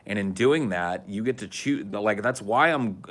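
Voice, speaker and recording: A man's voice: fairly low pitch, animated, moderate pace, a bit bright. A man in his thirties with a Californian accent, chatting casually on a podcast in a laid-back stoner drawl and swearing freely. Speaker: podcast host. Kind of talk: casual chat.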